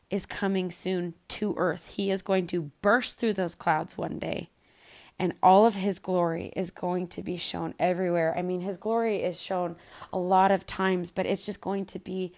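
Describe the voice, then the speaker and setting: A woman hosts a casual Bible study podcast in a low, gravelly voice. She speaks earnestly and softly, sounds emotional, and often repeats words as she goes. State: emotional, quiet and soft-spoken. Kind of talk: casual devotional podcast talk.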